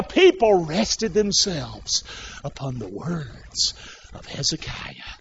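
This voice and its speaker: A man preaching in a church with a high, lively voice that leaps up and down. He keeps pulling the congregation into call and response, asking them to repeat after him. The recording is dull and lo-fi. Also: slow pace, vocal fry, a little hiss or hum. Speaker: pastor. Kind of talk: sermon. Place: church sanctuary. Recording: dull lo-fi sound.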